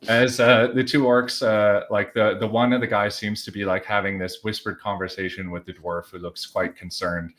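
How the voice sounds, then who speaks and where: Low-voiced rambling game master. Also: male voice, little pitch movement, normal speed, few pauses, a bit bright. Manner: rambling, chains lines with "as he just says". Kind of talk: narrating a tabletop game.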